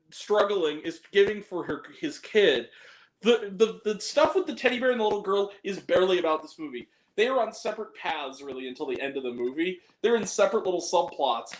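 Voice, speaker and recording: A man reviewing a film on a podcast in casual chat, swearing freely and often breaking into laughter. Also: sits high. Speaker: podcast guest. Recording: roomy echo.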